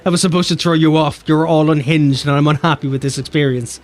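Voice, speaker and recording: A man's voice: on the high side, steady tone, quick pace, faint music behind. An Irish man streaming a game, joking, swearing and reading the game's lines aloud. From Ireland. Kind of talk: casual game stream chat.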